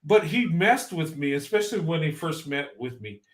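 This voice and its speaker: A man, a guest, telling a story in a casual, animated way and laughing often. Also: on the high side, normal speed, reverberant.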